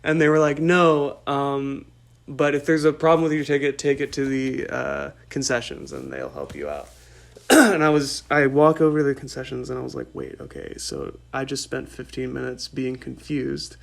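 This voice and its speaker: A man in his twenties hosting a podcast, telling a rambling story in an excitable way and laughing often. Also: mid-range voice, normal speed, vocal fry. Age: 20s. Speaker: podcast host. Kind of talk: casual storytelling monologue.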